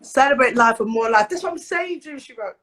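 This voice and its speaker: A woman hosting a casual live stream, effusive, emotional and loud. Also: a little high, expressive, brisk.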